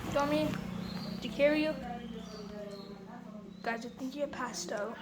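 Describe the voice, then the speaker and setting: A woman's voice: high-pitched, a little slow, heavy background noise. A woman filming a casual home vlog on a phone, gushing and cooing baby talk at a puppy. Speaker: vlogger. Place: family home.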